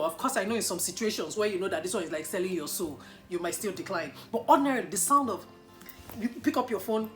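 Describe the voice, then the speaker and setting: Nigerian woman vlogger, lively and teasing, bright tone, soft music bed. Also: medium pitch. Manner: animated, playful, mock-indignant outbursts. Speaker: YouTuber answering viewer questions. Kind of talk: casual Q&A vlog.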